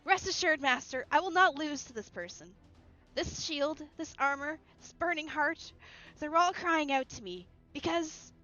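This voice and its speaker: A woman's voice: high-pitched, animated, a little slow, pushed and bright, highs cut off, soft background music, pitched above the performer's own voice, exaggerated voice. A woman voicing an earnest young female shield knight, speaking in raised, impassioned declamations. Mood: resolute.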